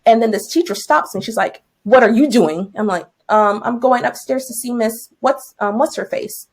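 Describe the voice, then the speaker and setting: A young woman in her twenties co-hosts a teacher podcast, telling stories with a fairly high voice. She jumps way up in pitch to act out what people said, and laughs easily. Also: moderate pace. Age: 20s. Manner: animated, laughs often, jumps high for quoted lines. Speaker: new teacher and podcast co-host. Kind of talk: casual podcast storytelling.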